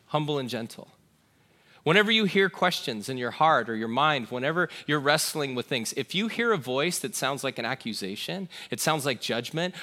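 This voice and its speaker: Guy pastor preaching, kinda high bright voice, gets loud then drops real soft. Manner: earnest, shifts between raised emphasis and soft hushed tones. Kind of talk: sermon.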